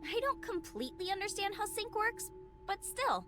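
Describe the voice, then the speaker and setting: Brief: bubbly game heroine, high and animated, music bed behind. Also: female voice, moderate pace, background noise. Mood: curious. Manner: chirpy, bouncy delivery. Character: sweet, upbeat young woman, playful and eager. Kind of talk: video game voice acting.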